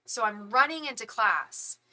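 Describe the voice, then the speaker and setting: Woman stream host, bright tense tone, chatty and animated, venting with quoted asides. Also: on the high side, measured pace. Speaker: tarot reader hosting a live stream. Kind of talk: casual storytelling chat.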